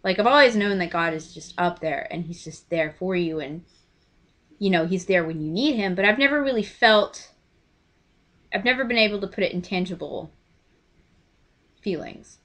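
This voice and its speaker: A young woman in her twenties recounts an experience to her camera in a casual, heartfelt way. Her voice is bright and forward, and she slips into quoted lines with lively emotion. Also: fairly low pitch, normal speed, pauses often. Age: 20s. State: choked up. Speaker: vlogger. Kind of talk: casual storytelling.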